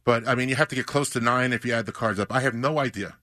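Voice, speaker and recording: Male guest, rapid lively anecdotes, dry studio sound. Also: medium pitch, no room sound. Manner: fast, animated anecdote-telling. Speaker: interview guest, former high roller. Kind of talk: casual storytelling.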